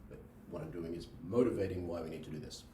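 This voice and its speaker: Guy teaching logic in a classroom, lowish mellow voice, keeps saying right?, roomy echo from across the room. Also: fast talker, a little hiss or hum. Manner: repeats himself, checks in with "right?". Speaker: logic lecturer. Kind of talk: classroom lecture. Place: classroom with a board. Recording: echoey room, mic at a distance.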